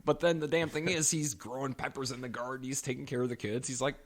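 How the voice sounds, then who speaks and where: A man's voice: medium pitch, quick pace. A man co-hosting a podcast in casual chat, telling stories with lots of swearing and frequent laughter. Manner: animated storytelling, swearing, laughing often. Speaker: podcast co-host.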